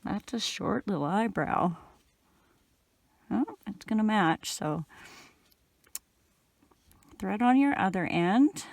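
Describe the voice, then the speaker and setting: A middle-aged woman from Canada giving a relaxed, chatty step-by-step crochet tutorial while she works. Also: medium pitch, takes it slowly, vocal fry, pauses often, no echo. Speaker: crochet instructor.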